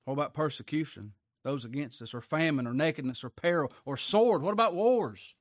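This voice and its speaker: A man preaches a sermon, reading scripture aloud. His voice sits a little high and swings between emphatic peaks and quiet asides. The sound is dry, close and clean. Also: fairly quick, dry recording.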